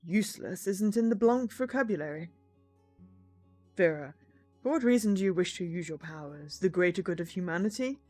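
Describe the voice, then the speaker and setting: A woman voicing a protective father in a visual novel, gentle but firm. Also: fairly low pitch, normal speed, faint music behind, lightly acted.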